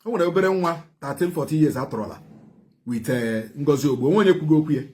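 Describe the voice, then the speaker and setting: A man with an Igbo Nigerian accent giving impassioned commentary, repeating phrases in rapid bursts. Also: fairly high pitch, expressive, darkish tone.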